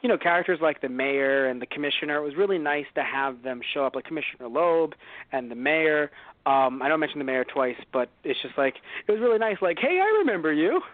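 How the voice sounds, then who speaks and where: A man co-hosting a casual movie review podcast, rambling and joking, slipping into quick impressions. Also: on the high side, no room sound. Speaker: podcast co-host. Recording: phone-like lo-fi dry sound.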